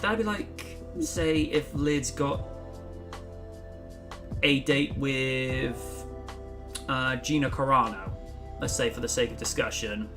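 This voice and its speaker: Host: man, chatty and rambling, loud mock quotes, faint music under the voice. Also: mid-range voice, takes it slowly, pauses often. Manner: rambling, laughs and acts out movie lines in loud mock voices. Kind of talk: casual chat, live stream.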